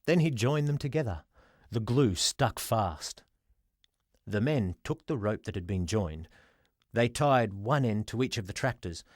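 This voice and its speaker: Man reading a storybook, lively delivery. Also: on the low side, unhurried, dry recording, clean studio sound. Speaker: audiobook reader. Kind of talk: storybook narration.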